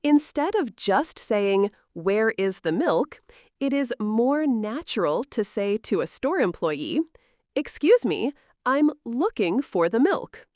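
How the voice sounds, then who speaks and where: A woman with a fairly high, lively voice leads a scripted English lesson at a deliberately slow pace. She speaks clearly and encouragingly, with no room sound around her. The recording is dry and close. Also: no room sound. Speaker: English teacher.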